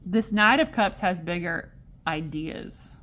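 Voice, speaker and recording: A woman's voice: on the low side, takes it slowly, fairly bright tone. A woman giving a casual tarot reading to camera, chatty and digressive, exasperated yet amused. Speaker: tarot reader.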